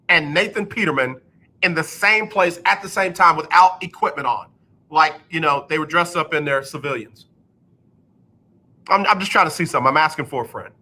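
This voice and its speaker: Bright-voiced sarcastic male sports host. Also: a little high. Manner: sarcastic, repeats lines for comic effect. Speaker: radio show host. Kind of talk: casual sports talk. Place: radio studio.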